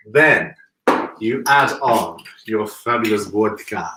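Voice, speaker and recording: A man's voice: fairly low pitch, lively intonation, slow, roomy sound, distant mic, noisy background. A man hosting a live chat while making a cocktail, chatty and effusive. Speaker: host.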